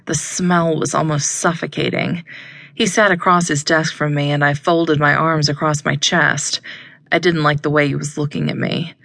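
A woman narrating a first-person audiobook in a measured, even storytelling way. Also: sits low, gravelly, no room sound.

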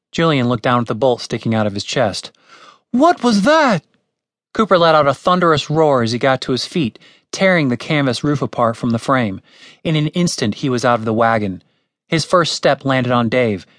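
A man reading a comic fantasy audiobook in a lively storytelling manner. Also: medium pitch, no room sound. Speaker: audiobook narrator. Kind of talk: scripted comic fantasy narration. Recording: dry studio recording.

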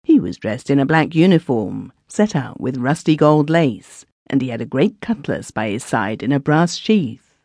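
Gravelly woman reading a classic tale. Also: very deep voice, very animated, moderate pace, hardly any pauses, a little mellow, dry recording. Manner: first-person storytelling in a village voice. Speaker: audiobook narrator. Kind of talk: scripted narration of a classic story.

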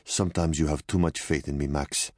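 A man's voice: very deep voice, fairly even intonation, a little fast, no room sound, studio quality. A man doing a wary woman with a faint Russian accent. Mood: unhappy. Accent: subtle Russian. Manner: quiet, clipped, worried. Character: tense young woman bodyguard, wary.

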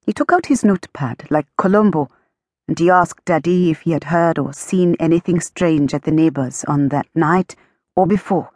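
A woman narrating an audiobook in a steady storytelling manner, lightly amused. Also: sits low, normal speed, no room sound, clean studio sound.

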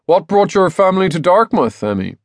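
A man's voice: high-pitched, very animated, a little fast, dry recording, clean studio sound, voice pushed up. A man voicing a genial, nosy middle-aged father who talks in a hearty, teasing way.

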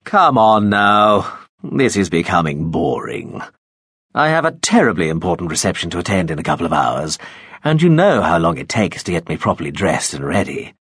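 Man voicing a deep, pompous villain calling out. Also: very animated, moderate pace, fairly bright tone, slightly rough, dry recording, clean studio sound, full character voice. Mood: cajoling menace. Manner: pompous, cajoling, theatrical. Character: smug wealthy menacing man hunting a girl. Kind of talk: audiobook character voice.

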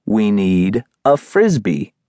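A man voicing a calm, patient male dog who leads his friends with coaxing questions. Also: on the low side, takes it slowly, no echo, studio quality.

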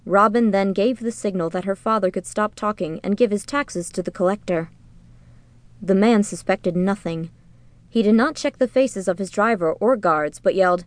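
Reading from a storybook, a female audiobook narrator delivers scripted narration at a middle pitch, steady and measured. The sound is captured up close and dry, with no room sound at all.

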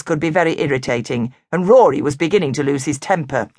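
A woman narrating a children's storybook in an animated, expressive way. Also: sits low, fast, few pauses, dry recording, studio quality. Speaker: audiobook narrator.

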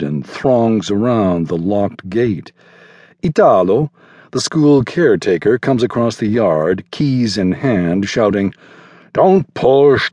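A man narrating a literary novel in a measured, unhurried reading. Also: fairly low pitch, dark tone, slightly rough, no echo, studio quality. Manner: measured literary reading, voicing characters lightly. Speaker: audiobook narrator. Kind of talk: scripted narration.

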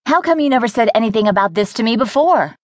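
A woman's voice: fairly high pitch, expressive, fast, no echo, studio quality, voice pushed up, natural voice. A woman narrator voicing a young, struggling actress who sounds emotional and defensive. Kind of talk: first-person audiobook character voice.

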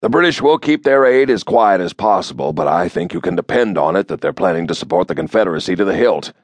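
A man's voice: deep voice, fast talker, no echo. A man doing a stiff, insistent statesman. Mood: grave. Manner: declares things flatly and insistently. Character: stiff male secretary of state, firm. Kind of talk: audiobook character voice.

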